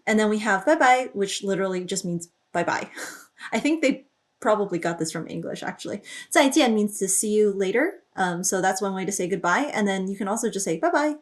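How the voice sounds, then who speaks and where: A woman's voice: medium pitch, expressive, brisk. A woman explaining song lyrics as a language teacher, thinking aloud with small fillers and lifting her voice when she reads out each lyric line. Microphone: studio microphone.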